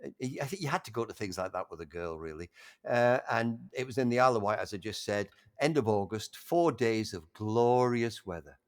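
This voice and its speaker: An older man reminiscing in a casual conversation, halting with frequent restarts and warmly enthusiastic. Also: on the low side. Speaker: interview guest.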